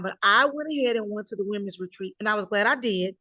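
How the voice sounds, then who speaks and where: A woman's voice: medium pitch, fast, few pauses, sharp tone, no echo. Emphatic middle-aged woman storyteller. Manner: emphatic storyteller, acts out voices in quotes. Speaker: guest telling her life story. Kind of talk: conversational interview.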